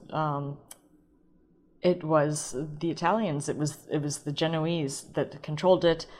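Low-voiced playful woman podcast host. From St. Louis, USA. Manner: playful, chatty, self-mocking, quick asides. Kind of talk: casual solo podcast monologue.

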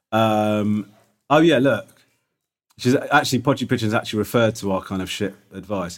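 A man co-hosting a podcast in casual chat, rambling and correcting himself, often laughing. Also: medium pitch. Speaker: podcast co-host.

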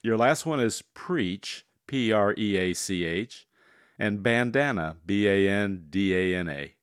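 A man running a word puzzle on radio, calmly spelling words out letter by letter and explaining the next challenge. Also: lowish voice, a little slow, clear, resonant tone, no echo, clean studio sound. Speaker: puzzle master.

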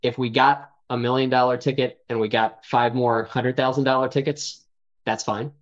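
A man's voice: medium pitch, level tone, normal speed. Thoughtful male guest, dull lo-fi audio. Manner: thoughtful, explanatory, frequent fillers. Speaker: startup co-founder guest. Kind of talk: casual interview chat.

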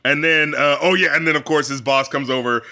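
A man in casual conversation, rambling with many fillers and acting out scenes in quick impressions. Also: fairly high pitch, fairly even intonation, sharp tone. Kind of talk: casual movie discussion.

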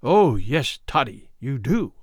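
A man's voice: medium pitch, very animated, slow pace, slightly rough, no echo, studio quality, pitched below the performer's own voice, heavily acted. A man voicing a coarse, domineering small stranger who mocks and bullies his companion in a spoken story. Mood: taunting. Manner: mocking, bullying taunts.

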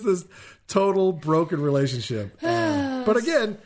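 A man's voice: high voice, big pitch swings, normal speed. Male podcast co-host, casual, rambling delivery full of fillers. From Kansas City, USA. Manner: rambling, frequent ums and restarts. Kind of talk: casual chat.

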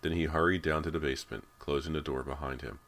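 A man with an extremely deep voice reads a horror audiobook aloud. His narration is measured and deliberate, slowing down at the tense moments and keeping an even pace.

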